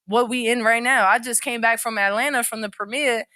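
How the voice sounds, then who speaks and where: A woman on a podcast panel, talking street in loose, candid, rambling turns. Her voice is bright and forward, and it sounds dry and close with no room echo. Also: on the high side, steady tone, a little fast. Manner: rambling, restarts often. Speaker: podcast guest. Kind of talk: casual panel chat.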